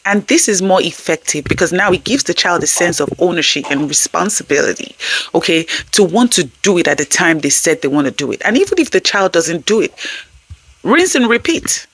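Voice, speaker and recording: A woman's voice: on the low side, very animated, a little fast, fairly bright tone, husky. Earnest woman giving parenting tips. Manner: earnest, checks in often with "okay?". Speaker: parenting channel host. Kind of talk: conversational parenting tips to camera.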